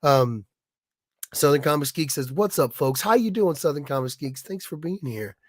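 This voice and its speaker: A man with a hoarse, raspy voice from being sick, chatting casually on his livestream and stumbling over restarts. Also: on the high side, animated, dry recording, clean studio sound. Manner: halting, many restarts and fillers. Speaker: livestream host, illustrator.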